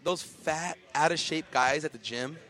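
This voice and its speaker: A man with a fairly high, bright, forceful voice speaks a little slowly as he co-hosts a casual podcast. His comedic rant is profane and full of fillers and restarts.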